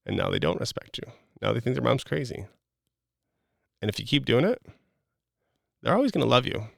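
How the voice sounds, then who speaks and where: A man's voice: medium pitch, big pitch swings, a little fast, creaky, dry recording, clean studio sound. A man hosting a casual talk, coaching a guest with blunt advice, swearing freely and acting out little quotes.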